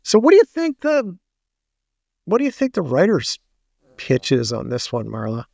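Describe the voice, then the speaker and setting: A man's voice: high voice, wildly swooping pitch, vocal fry, darkish tone, no echo, clean studio sound. A middle-aged man co-hosting a podcast, chatting casually and telling stories full of puns and dad jokes. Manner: jokey, storytelling, quick asides and dad jokes. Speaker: podcast co-host. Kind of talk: casual chat.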